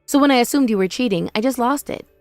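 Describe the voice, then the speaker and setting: A woman's voice: on the high side, quick pace, a little mellow, dry recording, soft background music, lightly acted. A woman voicing a remorseful young sister-in-law who pleads and whines for forgiveness. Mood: pleading. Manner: pleading, whiny, self-pitying.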